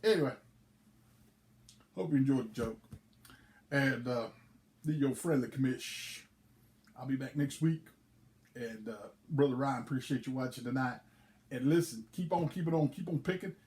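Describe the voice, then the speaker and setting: A man's voice: medium pitch, normal speed, pauses often. Folksy man telling a joke. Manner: folksy, relaxed storytelling. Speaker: fantasy league commissioner. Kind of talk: casual vlog, joke telling.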